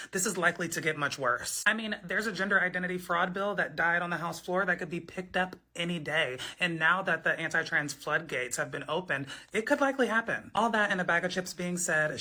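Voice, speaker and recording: A woman commentator in an informative talking-head video, explaining clearly and speaking straight to her viewers. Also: on the low side, bright, forceful tone.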